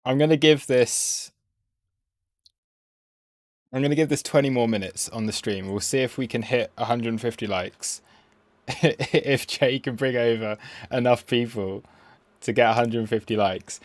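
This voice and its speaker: A man's voice: mid-range voice, steady tone, unhurried, pauses often, no echo. A man, chatting playfully on a live trading stream and talking at the price chart.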